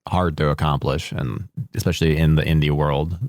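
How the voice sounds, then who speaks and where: A podcast co-host with an extremely low, slightly mellow voice chats casually about a movie, rambling and swearing now and then. He speaks at a moderate pace with fairly even intonation, in clean studio sound with no room noise.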